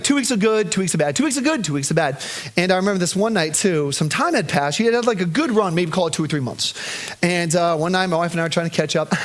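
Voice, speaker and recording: A man preaching as a pastor, telling a personal story in an animated way that swings between loud bursts and hushed, gentle reciting. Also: high-pitched. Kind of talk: sermon storytelling.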